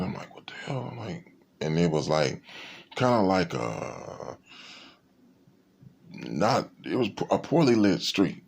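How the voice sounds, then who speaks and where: Man, low and husky, lively pitch, profane rambling commentator. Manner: profane, rambling, with many fillers and restarts. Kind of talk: rambling monologue.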